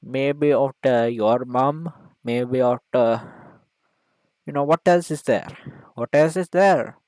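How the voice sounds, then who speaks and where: A man giving a mock lecture in a video, rambling and hesitant, full of fillers, deadpan, with broken grammar. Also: mid-range voice, takes it slowly, no echo, low-quality recording. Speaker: video maker.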